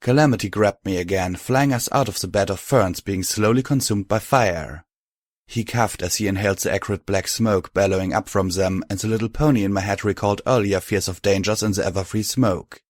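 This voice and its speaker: Male audiobook narrator, lowish voice, dry close sound. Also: a little fast, dry recording. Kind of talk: scripted narration.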